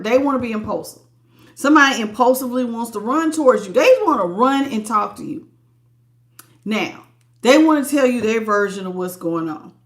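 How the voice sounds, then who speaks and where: A woman giving a live tarot reading, blunt and sassy, greeting viewers as baby and sweetie. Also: on the high side. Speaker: tarot reader.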